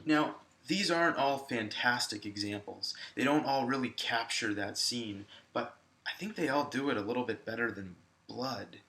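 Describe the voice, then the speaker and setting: In a recorded lesson, this high school English teacher addresses his viewers casually at a normal pace. His delivery is pushed and bright, and he leans on fillers often.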